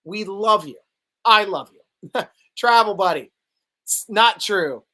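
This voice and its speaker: A man's voice: sits high, lively intonation, takes it slowly, sharp tone. A man hosting a live sports talk stream, chatting casually in a playful, joking way and laughing often. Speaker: sports show host.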